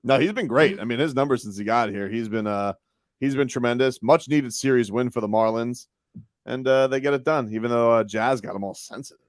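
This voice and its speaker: A man's voice: medium pitch, brisk, dry recording, studio quality. A man hosting a sports radio show, chatting casually and teasing his co-host. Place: radio studio.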